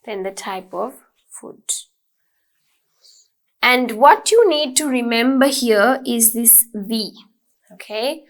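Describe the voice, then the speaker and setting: A woman teaching English, speaking slowly and clearly and often checking in with "okay?". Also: on the high side, animated. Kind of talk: slow, deliberate teaching with examples.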